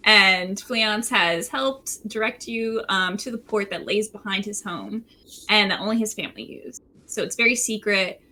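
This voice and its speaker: A woman narrating a tabletop game as game master, telling the scene in a relaxed way with frequent fillers, recorded at home. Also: medium pitch, normal speed, a little hiss or hum. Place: room at home by a window.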